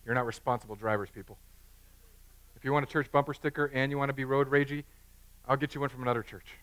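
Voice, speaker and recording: A man's voice: medium pitch, steady tone, quick pace, a bit bright. A pastor in his thirties preaching a sermon in a church, joking and conversational.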